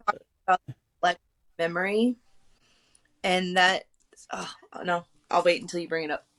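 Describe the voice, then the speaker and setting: A woman guest on a casual podcast speaks in a somewhat low voice. She sounds hesitant and unsure of herself, and her sentences often trail off. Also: fairly even intonation, normal speed, a bit bright.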